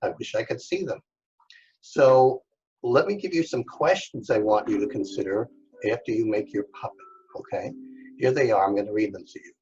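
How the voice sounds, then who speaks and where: A man's voice: lowish voice, moderate pace, a little mellow, highs cut off. A man from Staten Island teaching an online children's craft lesson, patient and step by step, talking straight to the kids. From Staten Island, New York. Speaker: art teacher.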